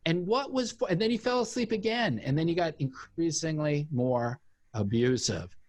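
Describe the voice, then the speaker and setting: This interview guest, a man who writes books and once belonged to a cult, has a voice on the high side and talks at a moderate pace. Recounting something from his own life in an easygoing chat, he tells it with energy and acts out each quoted person.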